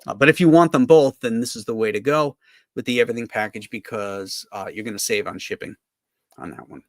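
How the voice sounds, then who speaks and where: A man's voice: lowish voice, brisk, no room sound, clean studio sound. A man, a cartoonist, chatting casually on a livestream in a rambling, anecdotal way.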